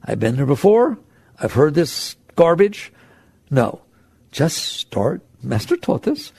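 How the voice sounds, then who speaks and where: A man giving a spiritual talk to an audience, conversational and animated, acting out the voices in people's heads. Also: on the high side, slow pace, creaky, slightly rough, no echo, clean studio sound. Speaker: spiritual teacher.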